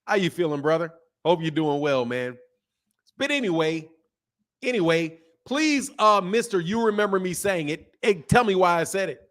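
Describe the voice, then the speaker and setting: Animated, laughing man hosting a stream. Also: high voice, normal speed. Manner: animated, laughing, emphatic, slangy. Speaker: boxing channel host. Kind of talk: casual live-stream chat reading viewer comments.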